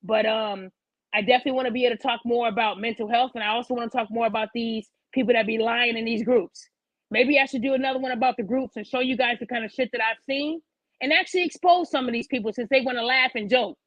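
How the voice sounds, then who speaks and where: A woman's voice: on the high side, steady tone, fast, a bit bright, no echo. A woman hosting a live online show, ranting bluntly and passionately to her chat with plenty of profanity. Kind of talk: livestream rant to chat. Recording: dull lo-fi sound.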